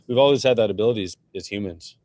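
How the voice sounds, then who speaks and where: A man co-hosting a podcast, talking in a halting, reflective way with frequent fillers. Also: lowish voice, darkish tone, a little hiss or hum. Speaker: podcast co-host. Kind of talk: casual chat.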